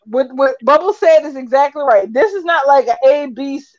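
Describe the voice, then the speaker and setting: A woman co-hosting a soap opera chat show, recapping episodes with animated retellings and acted-out quotes. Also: high-pitched, a little fast. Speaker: soap opera podcast co-host. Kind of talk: casual chat. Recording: dull lo-fi audio.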